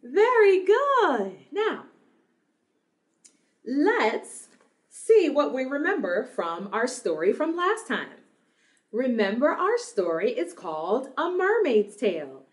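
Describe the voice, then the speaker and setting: A young woman teaching small children about singing, talking slowly and brightly, with lots of praise and sung examples. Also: sing-song. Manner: warm praising, sings examples, owl hoots and drum booms. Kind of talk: slow, sing-song lesson for small children.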